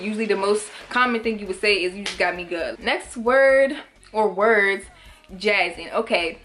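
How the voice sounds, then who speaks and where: A woman's voice: mid-range voice, fairly bright tone. An eighteen-year-old woman with a Washington DC area accent, explaining slang in a casual vlog, chatty and emphatic, leaning on "like" and local slang. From DC, Maryland and Virginia area. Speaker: vlogger.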